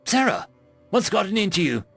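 A man's voice: a little high, animated, moderate pace, fairly bright tone, soft background music, pitched above the performer's own voice. A man voicing a friendly, curious female alien roommate who teases and asks questions in a storybook reading.

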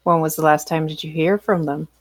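A woman playing a tabletop game, asking quick, pointed questions in character. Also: sits low, level tone, no room sound. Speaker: player. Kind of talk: in-character role-play.

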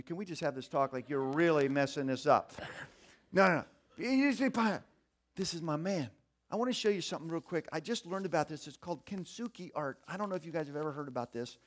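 A man preaches in a casual, streetwise way, talking to the crowd like friends. His voice sits a little high, and he drops to a near hush before climbing back to loud, excited stretches. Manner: animated, swinging between hushed and loud; conversational, streetwise, folksy. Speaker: pastor. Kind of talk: sermon.

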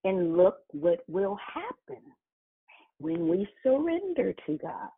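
A woman's voice: medium pitch, big pitch swings, takes it slowly, slightly rough. A woman preaching a sermon, emphatic, spelling out words and repeating phrases for effect. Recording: tinny phone-like line.

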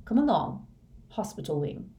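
A woman voicing a strict older female professor who speaks in a hushed, urgent way. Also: medium pitch, big pitch swings, normal speed, voice pushed up, natural voice. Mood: urgent concern.

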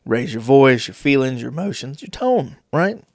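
A man hosting a casual advice talk, with deliberate pauses and playful shifts of tone. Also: medium pitch, very animated, darkish tone, dry recording. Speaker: host.

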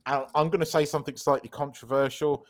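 Animated, laughing podcast host. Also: male voice, fairly high pitch, quick pace. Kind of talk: casual chat.

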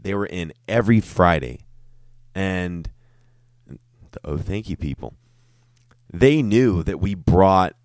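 Deep-voiced man telling a rambling story. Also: darkish tone, clean tone, no room sound, studio quality. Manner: rambling, self-interrupting, laughing asides. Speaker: storyteller, former restaurant server. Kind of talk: casual profane storytelling.

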